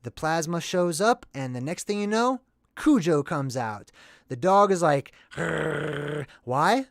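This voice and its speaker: A man hosting a casual movie commentary video, talking in a chatty, excitable and rambling way. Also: on the high side, a little slow, no room sound, studio quality.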